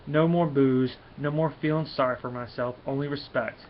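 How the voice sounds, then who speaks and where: A man reading aloud the lines of a gruff middle-aged father who is a former drunk turned thug. He reads flatly and stumbles over the words. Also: medium pitch, normal speed, slight background noise, natural voice. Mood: pleading. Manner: flat read-aloud delivery with stumbles. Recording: dull lo-fi recording.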